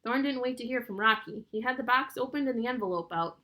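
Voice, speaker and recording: A woman reading a children's novel aloud in a steady, clear storytelling voice. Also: a little high, quick pace. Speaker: audiobook narrator.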